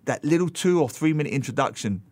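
A man co-hosting a casual radio chat, an animated storyteller who keeps slipping into mimicking other people's voices. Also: on the high side, quick pace, no room sound. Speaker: radio co-host.

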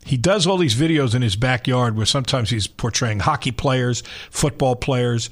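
A man from Long Island, hosting a sports radio show and rambling through stories in a chatty, animated way. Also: mid-range voice, moderate pace. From Long Island, New York. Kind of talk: casual sports radio chat.

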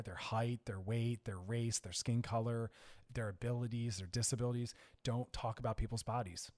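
A man hosting a radio advice show, speaking directly and earnestly as he coaches listeners in a conversational way. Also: medium pitch. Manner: conversational with frequent "like" and "I don't know". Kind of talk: frank advice talk on air.

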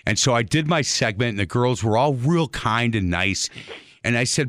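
A man hosting a radio show, chatting with a guest and telling lively stories. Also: medium pitch, normal speed, no room sound, clean studio sound. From Wisconsin, USA. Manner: chatty storyteller, animated anecdotes. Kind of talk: casual radio interview.

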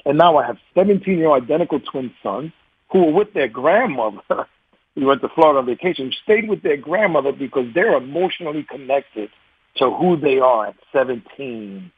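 A man in his forties with a New York accent, a radio guest talking in a casual, animated way, laughing often and repeating words as he restarts. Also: mid-range voice, fairly quick, slightly rough, no room sound. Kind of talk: casual interview talk. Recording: dull, muffled radio sound, dry.

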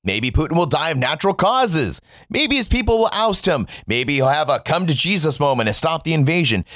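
A man's voice: fairly high pitch, big pitch swings, fairly quick, few pauses, fairly bright tone, no echo, clean studio sound. Sarcastic man ranting. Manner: mocking, sarcastic, emphatic swings in tone; swears freely. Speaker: commentator. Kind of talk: sarcastic political rant.

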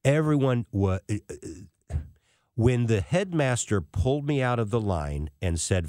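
Lively-voiced man in his sixties. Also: fairly low pitch, measured pace, no echo, clean studio sound. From United States. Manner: animated, self-deprecating anecdotes. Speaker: financial commentator. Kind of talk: casual storytelling monologue.

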